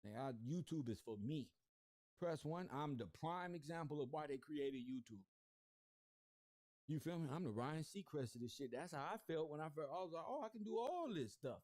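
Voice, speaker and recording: Confrontational livestream host, a man, slangy and repetitive, slightly high voice, dry close sound. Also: normal speed, darkish tone, no echo. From South Central Los Angeles. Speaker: YouTube commentary host. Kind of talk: livestream commentary rant.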